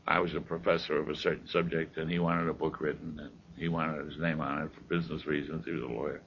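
Older man, deep gravelly voice, dry wry storyteller. Dull lo-fi recording with faint hiss. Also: little pitch movement, fast talker. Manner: wry, dry humor, conversational asides. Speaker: speaker sharing his recovery story. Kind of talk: humorous storytelling talk.

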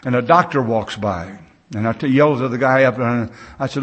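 A man's voice: medium pitch, a little fast, fairly bright tone. A man in his sixties speaking at a recovery meeting, telling stories in a folksy, plain-spoken way with loose grammar.

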